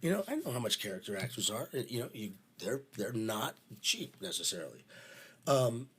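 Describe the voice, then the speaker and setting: A production manager chatting casually, bluntly retelling a work story, swearing freely and playing both sides of each conversation. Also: male voice, mid-range voice, very animated, normal speed, a bit bright, husky.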